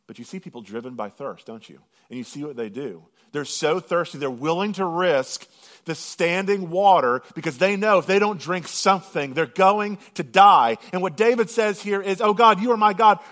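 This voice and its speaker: Man preaching with hushed-to-loud swings. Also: fairly high pitch. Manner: dramatic swings between loud proclamation and hushed intensity; slow drawn-out emphasis on scripture lines. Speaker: pastor. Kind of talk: sermon.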